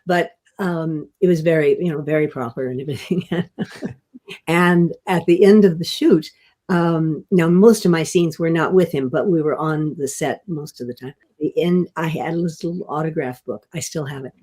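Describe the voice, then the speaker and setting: Older woman, gentle storyteller, breathy voice. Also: sits low, moderate pace. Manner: gentle, self-deprecating, frequent restarts and soft laughs. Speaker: guest actress. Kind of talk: casual interview storytelling.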